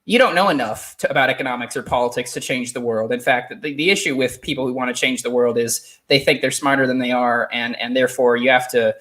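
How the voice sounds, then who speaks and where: A man's voice: mid-range voice, fast talker, few pauses, a bit bright, close to an everyday voice. A man doing a stern lecturing male pundit.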